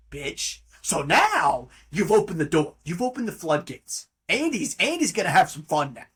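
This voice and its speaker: A man hosting a podcast, telling a story in a mocking, profane and animated way. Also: high-pitched, normal speed, husky. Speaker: podcast host. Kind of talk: casual storytelling monologue.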